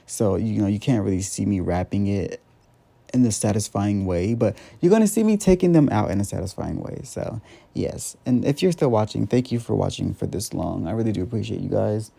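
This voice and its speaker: A man's voice: on the low side, brisk, gravelly, dark tone. A young man in casual voice-over, rambling chattily through a doll restyle with lots of ums and likes.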